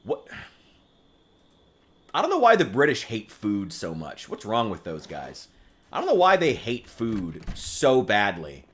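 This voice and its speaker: An American man streams a game with a sing-song, mid-range voice at normal speed. His chat is casual, rambling and joking, full of profanity and restarts.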